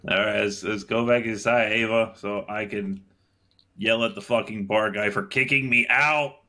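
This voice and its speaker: Brief: a man doing a loud, crude drunk with a sharp, bright voice. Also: on the low side, steady tone, normal speed, pitched below the performer's own voice. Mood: belligerent. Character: rowdy drunk young man kicked out of a bar.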